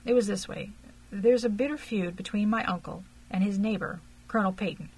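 A woman reading aloud and voicing a frank, earnest young gentleman suspected of a crime, in an audiobook. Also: mid-range voice, a little fast, breathy edge, rough recording. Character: young gentleman under suspicion, frank and tense.

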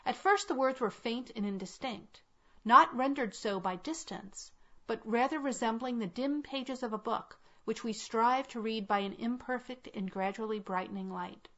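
A woman narrating a classic tale in a measured, unhurried reading. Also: fairly high pitch, sharp tone. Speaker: audiobook reader. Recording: dull lo-fi recording.

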